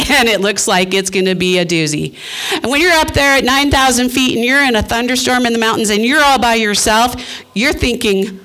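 Animated woman telling a personal story. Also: mid-range voice, moderate pace. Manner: animated, acts out her own thoughts and voices.

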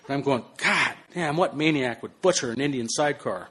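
Brief: older male storyteller, mid-pitched, animated delivery that drops to hushed and bursts loud, casual swearing. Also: fairly quick, husky. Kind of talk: spoken personal anecdote.

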